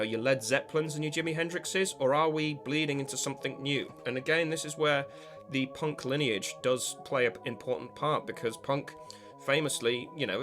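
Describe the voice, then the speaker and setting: A man giving a spoken video essay as a music commentator, discursive and analytical, with frequent fillers and restarts. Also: medium pitch.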